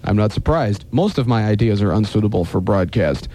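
A man hosting a radio morning show, telling long jokes and slipping into quick character voices. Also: fairly low pitch, animated, dark tone, a little hiss or hum.

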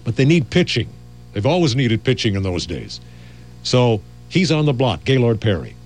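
An older veteran radio host tells rambling stories. His voice sits at a middle pitch, with a faint hum behind it. He breaks off and restarts his phrases. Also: sing-song, normal speed. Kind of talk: anecdotal storytelling.

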